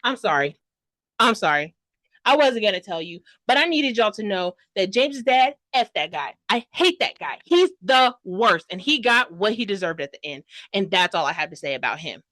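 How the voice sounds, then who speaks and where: A woman's voice: medium pitch, sing-song, moderate pace, fairly bright tone, no room sound. A young woman giving a casual, dramatic book review, full of fillers and rambling asides. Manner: gushing, dramatic, heavy filler "like".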